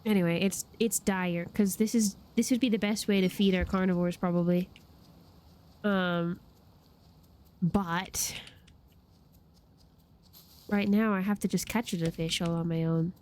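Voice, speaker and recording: A young woman streaming a video game, chatting casually and excitably and laughing often as she plays. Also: lowish voice, measured pace, pauses often. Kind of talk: casual gameplay chat. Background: game music.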